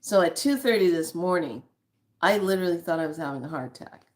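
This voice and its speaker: A woman's voice: fairly low pitch, expressive, fast talker. A woman in her fifties, chatting candidly to her viewers and telling a story with frequent laughter. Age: 50s. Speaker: spiritual vlogger. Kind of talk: casual chat to viewers.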